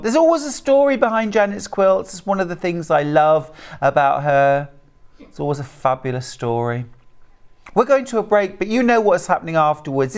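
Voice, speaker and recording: A woman's voice: deep voice, darkish tone. A woman with a British accent presenting live on a shopping channel, gushing over fabrics as she sells them. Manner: gushing, enthusiastic. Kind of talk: live selling patter. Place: TV studio.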